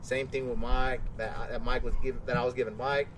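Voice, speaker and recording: A man's voice: mid-range voice, little pitch movement, fairly quick, background noise. A man hosting a casual podcast, telling a long story in a rambling way, swearing freely and a little tipsy. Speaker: podcast host. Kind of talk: casual chat.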